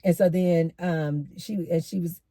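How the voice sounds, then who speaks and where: A middle-aged woman hosting a casual storytelling commentary, animated and emphatic, repeating lines for effect. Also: fairly low pitch, measured pace, no echo. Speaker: host.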